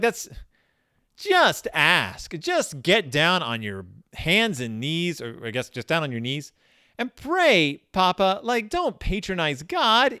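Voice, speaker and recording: A man delivers a sarcastic, exasperated commentary on a children's picture book, scolding its characters as he goes. His pitch swings widely from low grumbles to high indignant bursts. The recording is dry and close. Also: bright, forceful tone, dry recording. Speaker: book reviewer.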